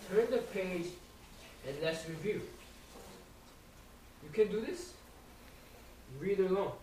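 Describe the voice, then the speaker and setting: A high school student reading a picture book aloud to young children, slow and careful, with sound effects. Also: lively intonation, dark tone. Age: teens. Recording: echoey, distant, noisy.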